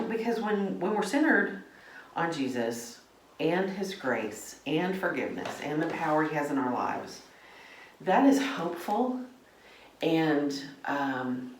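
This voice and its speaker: A middle-aged woman with a low voice hosts a relaxed faith vlog while gardening, speaking unhurriedly, gently and wandering between thoughts with lots of fillers. She's recorded from a distance in a roomy space, with faint ambience and a little hiss or hum.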